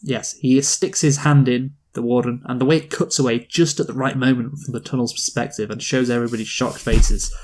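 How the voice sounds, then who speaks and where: A man's voice: mid-range voice, steady tone, brisk, hardly any pauses, darkish tone. Rambling male film podcast co-host. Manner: rambling, many restarts and fillers. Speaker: podcast co-host reviewing films. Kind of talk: casual chat.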